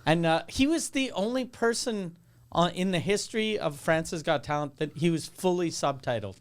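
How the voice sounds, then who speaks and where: A man's voice: fairly high pitch, animated, normal speed. A man co-hosting a podcast in casual chat, rambling through stories and swearing freely. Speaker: podcast co-host.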